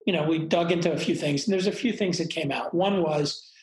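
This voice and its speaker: A man's voice: on the high side, brisk. A middle-aged man frankly and reflectively telling a personal story in conversation, swearing casually now and then. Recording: roomy echo.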